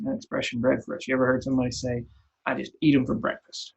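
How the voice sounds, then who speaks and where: A man's voice: medium pitch, completely flat delivery, fast talker, creaky, breathy edge. A man leading a casual Bible study in a church, retelling scripture in plain, folksy everyday terms. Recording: dull lo-fi recording.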